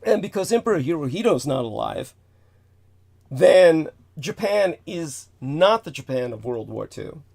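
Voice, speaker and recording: A man hosts a talk show, his voice sitting a little higher than most men's. He lectures at length in a rambling, emphatic way, often breaking off into side remarks. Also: sing-song, measured pace, vocal fry, darkish tone. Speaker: host.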